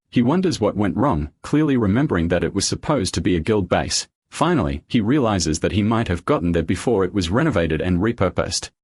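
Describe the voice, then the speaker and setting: A man narrating a comic recap in a steady, scripted storytelling voice. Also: lowish voice, breathy edge, no echo.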